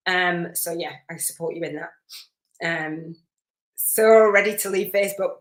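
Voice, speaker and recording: A woman's voice: mid-range voice, lively intonation, normal speed. Effusive woman coaching live, roomy sound. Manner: warm, effusive, rambling with many fillers and restarts. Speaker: spiritual business coach hosting a live masterclass. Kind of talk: live-streamed coaching, chatty, reading out viewer comments. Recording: roomy echo.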